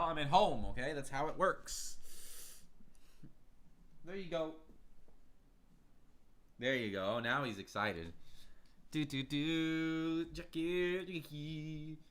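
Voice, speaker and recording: A man hosting a casual livestream from home, energetic and chatty, laughing often as he talks to his viewers. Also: mid-range voice, slow, pauses often. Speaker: livestream host.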